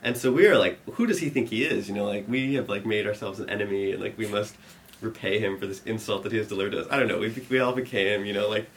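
A young man telling a rambling story to an audience, full of fillers, growing animated and laughing as it builds. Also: lowish voice, fast talker.

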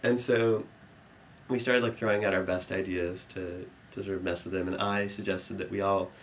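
A man's voice: deep voice, moderate pace, slight background noise. Young man rambling through a story. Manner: rambling, filler-heavy, gets animated and laughing as the story builds. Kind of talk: storytelling to an audience.

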